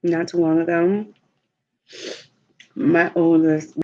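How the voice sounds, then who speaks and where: A woman, a mother, telling stories in a relaxed, chatty way while eating on a livestream vlog. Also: lowish voice, muffled recording. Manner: slow, chatty storytelling with laughs. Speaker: mukbang vlogger. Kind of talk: casual chat while eating. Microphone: livestream mic.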